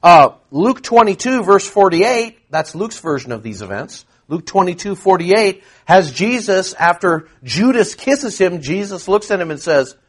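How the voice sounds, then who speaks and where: Emphatic male preacher, lively pitch. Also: measured pace, hardly any pauses, breathy edge. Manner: emphatic, swings from hushed to loud, repeats words for stress. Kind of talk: sermon.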